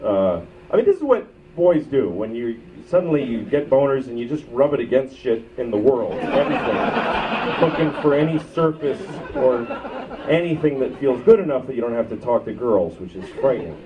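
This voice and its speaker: A man's voice: medium pitch, very animated, normal speed. A man doing a stand-up comedy set in a club, rambling through crude, self-mocking stories. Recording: muffled bootleg audio from far off, with crowd and noise. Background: audience laughter.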